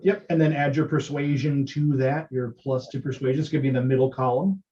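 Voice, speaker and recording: A game master narrating a tabletop game in a halting way, full of fillers. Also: mid-range voice, steady tone, warm tone. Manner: halting, many fillers, laughs often. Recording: muffled lo-fi recording.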